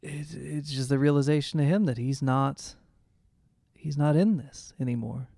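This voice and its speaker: A man's voice: medium pitch, fairly even intonation, moderate pace, vocal fry, warm tone, no room sound, clean studio sound. A man co-hosting a casual film podcast, talking through his points step by step. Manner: thoughtful, builds points step by step. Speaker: podcast co-host.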